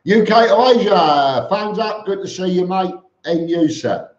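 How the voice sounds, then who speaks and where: A man's voice: sits high, expressive, unhurried. A man hosting a casual live stream from home, greeting viewers by name in a chatty way. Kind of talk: casual live stream chat reading comments. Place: home room with fans on. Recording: echoey room, dull lo-fi sound.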